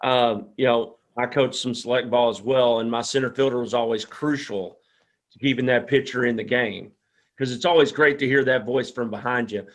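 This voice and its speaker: A man's voice: medium pitch, steady tone, moderate pace. A man hosting a local sports show, asking chatty, folksy questions full of fillers. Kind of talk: casual sports interview.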